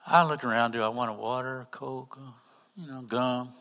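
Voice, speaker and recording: A man with a Texan accent, a pastor telling a story in a sermon, acting out the dialogue and swinging from loud to hushed. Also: medium pitch, normal speed, creaky, long reverb tail. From Texas. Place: church hall.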